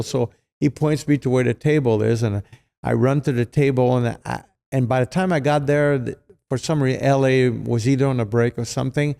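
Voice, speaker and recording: A man's voice: medium pitch, fairly quick, gravelly. A middle-aged man with a French-Canadian accent, a native French speaker, telling stories as an interview guest and acting out the voices of people he quotes. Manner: animated, acts out quoted voices, frequent fillers. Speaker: guest, retired hockey player. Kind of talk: casual storytelling.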